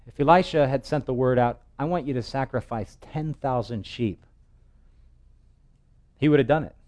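A male pastor preaching an expository sermon, telling the scripture story in a lively way and acting out its voices. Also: mid-range voice, moderate pace.

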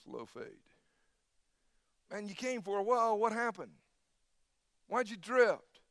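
A man preaching a sermon in an emphatic style, switching between loud bursts and quiet, hushed asides. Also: sits high, very animated, takes it slowly, no echo, clean studio sound. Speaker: pastor.

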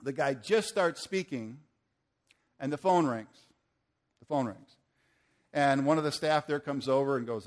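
Animated male preacher telling a story. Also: medium pitch, measured pace, pauses often. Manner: animated, acts out the people in his story. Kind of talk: storytelling sermon.

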